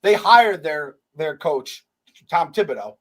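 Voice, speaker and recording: A man co-hosting a sports podcast in casual chat, profane and excitable, acting out other people's quotes. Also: on the high side, takes it slowly. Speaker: podcast co-host.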